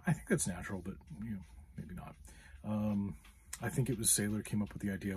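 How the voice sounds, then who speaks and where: A man's voice: fairly low pitch, fairly quick, darkish tone, slight background noise. A man hosting a podcast, telling a frustrated story in a casual monologue with many fillers. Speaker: podcast host.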